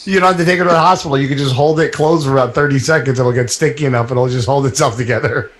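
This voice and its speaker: A man bantering on a podcast, quick with crude swearing interjections. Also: medium pitch, fairly even intonation, a bit bright.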